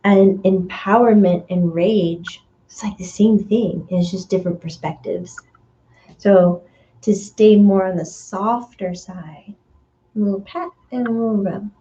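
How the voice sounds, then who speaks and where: Slow, mellow-voiced woman giving a spiritual reading. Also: dull audio. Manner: slow, dreamy, searching for words with many fillers; acts out voices with sudden high outbursts. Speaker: spiritual medium. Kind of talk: energy reading monologue.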